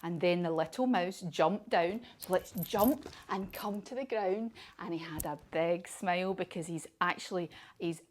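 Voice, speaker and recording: A woman's voice: fairly low pitch, unhurried, few pauses. A woman teaching a children's yoga class through a story, giving sing-song, encouraging instructions.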